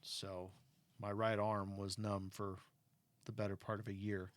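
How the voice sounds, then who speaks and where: A middle-aged man chatting casually with his kid, telling stories in an animated way and turning earnest and cautionary on safety. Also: on the low side, a little slow, no echo. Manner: animated storyteller who acts out quotes; earnest and cautionary when talking about safety. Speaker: parent talking with his kid. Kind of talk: casual chat.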